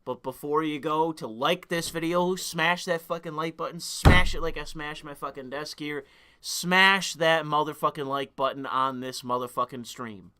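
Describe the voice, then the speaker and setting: A man's voice: on the high side, steady tone, normal speed, bright, forceful tone, clear, resonant tone. A young man hosting a livestream, talking in a profane, heated rant with stammering restarts. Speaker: livestream host. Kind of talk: ranting livestream monologue.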